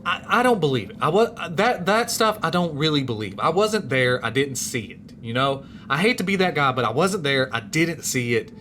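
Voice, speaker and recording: A man with a high voice tells a true scary story from his past, casual and rambling. He swings between hushed lows and excited highs for suspense. A faint hiss of noise sits under the recording. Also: moderate pace, hardly any pauses. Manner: animated, rambling, voice rises and drops with suspense.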